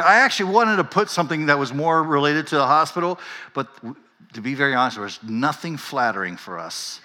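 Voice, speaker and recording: A middle-aged male pastor preaching a sermon, telling a funny personal story with lively energy, then slowing into a quiet, reflective reading. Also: a little high. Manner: animated storytelling, laughing at himself, then slow and hushed. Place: church sanctuary. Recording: long church reverb.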